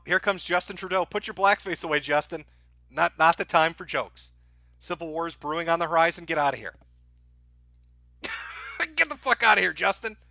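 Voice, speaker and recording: A man's voice: fairly high pitch, bright, forceful tone, dry recording, clean studio sound. A man hosting a live stream, ranting sarcastically and profanely to his chat, often breaking into laughter.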